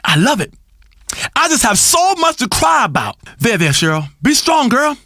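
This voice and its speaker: A shrill, manic radio health guru. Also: male voice, sing-song, normal speed, dry recording, studio quality, full character voice. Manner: theatrical, ranting, swings between crooning and shouting. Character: flamboyant erratic male radio health guru. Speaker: radio talk show host. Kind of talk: comedic radio show acting.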